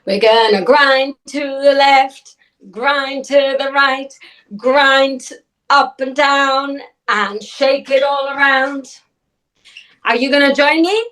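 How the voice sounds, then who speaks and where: A woman's voice: high voice, lively intonation, slow, sharp tone, voice pushed up, full character voice. A woman voicing a cheerful female hen who coaxes the others in a sing-song dance chant.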